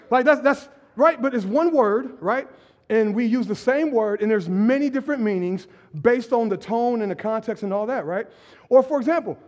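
A man preaching a lively, conversational sermon and joking with his congregation. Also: very high-pitched. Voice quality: animated, jokey, talks with the audience. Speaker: pastor. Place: church sanctuary. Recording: long hall reverb.

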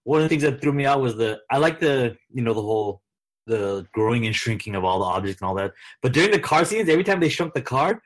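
A man co-hosting a casual chat, talking in a relaxed, rambling way with many fillers. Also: mid-range voice, quick pace. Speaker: podcast co-host.

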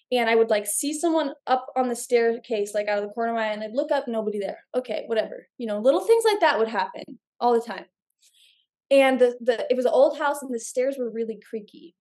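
A young woman tells her story as a podcast guest, her voice sitting a little high. She talks in an animated, chatty way and fills her sentences with little filler words. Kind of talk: casual storytelling.

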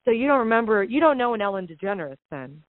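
A woman's voice: on the high side, fast, no room sound. Chatty woman guest, mid-range voice, acts out the dialogue, dry phone-line sound. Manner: animated retelling that acts out quoted dialogue. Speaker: podcast guest, real estate investor. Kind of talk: casual storytelling.

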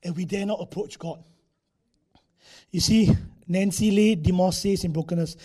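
A man's voice: high voice, normal speed, dark tone, slightly rough. A male preacher, giving a conversational sermon in a church, acting out quotes and using tag particles.

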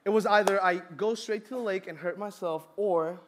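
A young man from Colombia preaching a sermon, telling a lively personal story with bursts of shouting. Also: sits high, normal speed.

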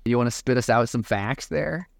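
A man hosting a motor-racing podcast in casual chat. He is animated, swears freely, and laughs often. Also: mid-range voice, moderate pace, vocal fry, no room sound, clean studio sound. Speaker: podcast host.

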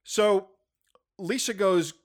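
A man telling a funny story in casual chat, animated and acting out the shouts in it. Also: high voice, slow. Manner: animated, acts out shouts and voices in his story. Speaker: storyteller on a talk show.

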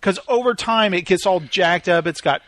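A man's voice: high-pitched, moderate pace. A man telling stories in a casual chat, laughing often as he goes. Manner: laughs often, animated retelling.

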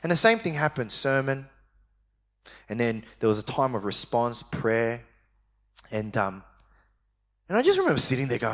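In a sermon testimony, a man with a mid-range voice tells a personal story in lively fashion, acting out his younger self. At tender moments he drops to a quiet, slow voice.

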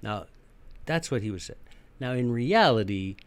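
Man, folksy history-podcast host, middle pitch, dry close sound. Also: expressive, normal speed, no echo. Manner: folksy, joking, conversational. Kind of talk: casual history lecture.

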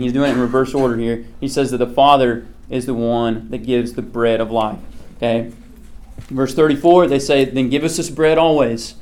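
A man's voice: mid-range voice, darkish tone. A man leading a casual Bible study class. He keeps checking in with "okay" and "right" and puts questions to the group. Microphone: slides or screen presentation with a pointer.

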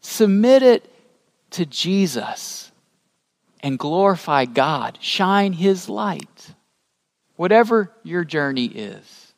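High-voiced pastor preaching in a reverberant hall. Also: male voice, slow pace, creaky, pauses often. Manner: animated, rising to emphatic high peaks; asks the congregation questions. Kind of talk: sermon.

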